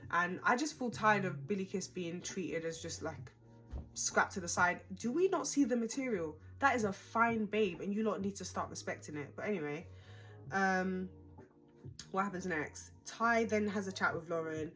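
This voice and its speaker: Chatty low-voiced woman recapping. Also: moderate pace, a bit bright, soft background music. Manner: chatty, dramatic and exasperated, slangy. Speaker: reality show recap host. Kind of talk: casual recap commentary.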